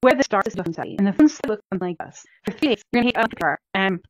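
A woman's voice: medium pitch, animated, very fast, noisy background. A woman who is a chiropractor, giving an upbeat, chatty lesson to practice owners and repeating the key points. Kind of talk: instructional talk. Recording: dull, dry lo-fi recording.

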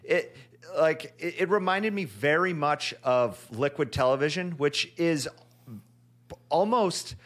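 A man's voice: on the high side, animated, slow pace, a bit bright. A man co-hosting a cartoon podcast, rambling casually, laughing through his stories and swearing freely. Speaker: podcast co-host. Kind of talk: casual chat.

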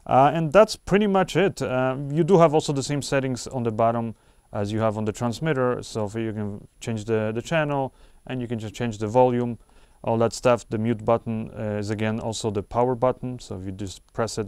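A man's voice: mid-range voice, normal speed, a little mellow, clean tone, dry recording. A man casually reviewing a wireless microphone, explaining settings with frequent fillers and restarts, recorded on a clip-on lavalier mic. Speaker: gear reviewer. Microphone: wireless lavalier clipped to shirt.

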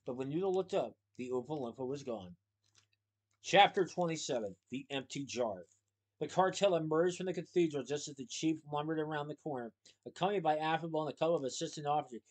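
A man reads a novel aloud in a steady storyteller's manner. His voice sits a little high for a man. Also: fairly quick, rough recording.

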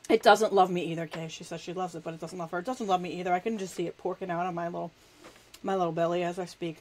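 This crafting show host talks fast in a low-ish, steady, slightly mellow voice as she works with her hands during a live lesson. Chatty and quick to laugh, she often makes fun of herself. The recording is rough.

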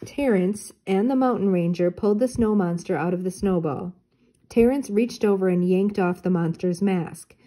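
An older woman reads a children's storybook aloud, clear and even. Her voice is mellow and soft-edged, with a gentle, unhurried delivery. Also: mid-range voice. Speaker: storybook reader. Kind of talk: reading a children's book aloud.

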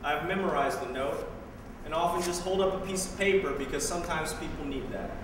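Briskly and with lively intonation, a man with a slightly high voice delivers wry, pointed spoken word poetry full of sarcastic asides. The live recording comes from a distant mic in an echoey hall, with faint noise.

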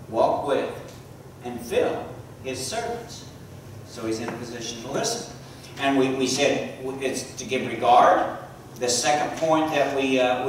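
A man preaching a sermon to a congregation, often pausing to ask the listeners questions and repeating key words. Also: medium pitch, a little hiss or hum. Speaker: preacher and teacher. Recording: echoey hall from far off.

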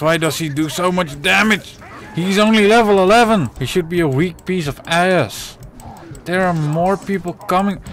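A man commentating his own gameplay, exasperated and swearing constantly while muttering to himself. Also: on the high side. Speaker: let's play gamer.

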